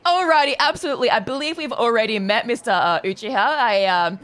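A woman in a game role-play plays an upbeat campaign manager. She talks in a chatty way, with many small fillers. Her voice sits a little high. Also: quick pace, fairly bright tone. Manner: cheerful and chatty, with frequent laughs and fillers.

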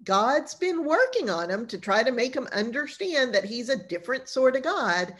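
A woman's voice: on the high side, sing-song, moderate pace. A woman pastor teaching an informal Bible class, retelling stories in a chatty, colloquial way.

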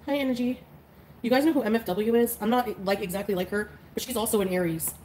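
A woman's voice: on the high side, fairly even intonation, fast talker, a little mellow, slight background noise, low-quality recording. A woman chatting casually on a livestream, congested and drowsy from flu medicine, rambling with lots of fillers and small laughs. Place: bedroom.

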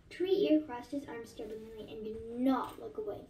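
A woman's voice: fairly high pitch, normal speed, few pauses, distant mic. Woman reading a novel aloud, echoey room. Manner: steady, with small slips and self-corrections. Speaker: narrator.

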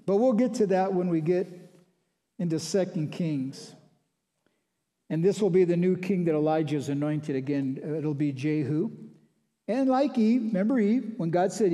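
A man's voice: high-pitched, animated, normal speed, warm tone. A pastor preaching a conversational Bible sermon in a folksy, storytelling way, acting out voices as he goes. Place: church sanctuary. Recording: long hall reverb.

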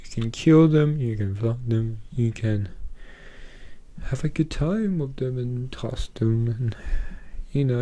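A man's voice: medium pitch, mellow. An exhausted man rambling through an unscripted vlog, repeating himself and mocking himself as he goes. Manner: rambling, repetitive, self-mocking. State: exhausted, worn out. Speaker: YouTuber.

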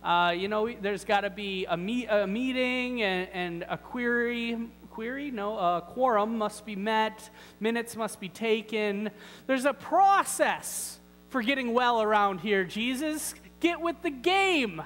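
A man's voice: high-pitched, a little slow, fairly bright tone, long reverb tail, faint music behind, low-quality recording. A man voicing a lame adult man who insists on procedure and rules, lecturing in an exasperated way. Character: lame man, adult, fussy and rule-bound.

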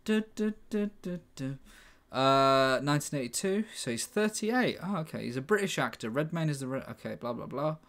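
A man's voice: mid-range voice, lively intonation, a little fast, hardly any pauses, a bit bright. Sarcastic man muttering while reading aloud. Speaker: writer. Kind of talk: casual thinking aloud while writing.

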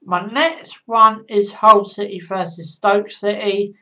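Woman, football predictions vlogger, slow pace, halting with pauses, slightly distant mic. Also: medium pitch, steady tone, bright, forceful tone. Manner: halting, with frequent pauses and fillers. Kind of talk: casual match predictions. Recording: voice a bit far from the mic.

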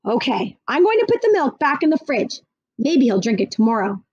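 A woman reads a firm, motherly peacemaker for a storybook, bright and animated with a soothing finish. The sound is dry and slightly dull. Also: sits high, a little fast, slightly rough, no room sound, exaggerated voice.

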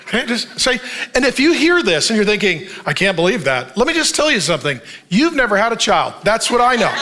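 A lively male pastor preaching in a church, and his voice sits high and sounds bright. He reads scripture and jokes with the congregation, breaking into quick voices for the people in the story. He sounds middle-aged. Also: a little hiss or hum. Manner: animated, jokey, acts out voices in the story. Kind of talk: sermon.

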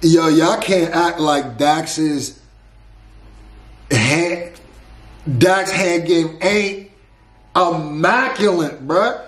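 A man's voice: fairly high pitch, extremely slow, long pauses, fairly bright tone, roomy sound, a little hiss or hum. A man hosting a reaction video, talking casually and repeating lines back to himself as he thinks them over.

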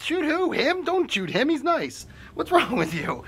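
A man's voice: extremely high pitch, huge pitch swings, a little slow, a bit bright, exaggerated voice. A man acting as an erratic robber who swings between threats and apologies in a comedy sketch. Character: erratic jittery male robber, menacing yet apologetic.

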